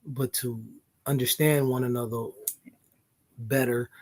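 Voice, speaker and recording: A man's voice: medium pitch, steady tone, a little slow, darkish tone. A man co-hosting a casual couple's podcast, talking earnestly, often cutting in and apologizing, with some swearing. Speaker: podcast co-host.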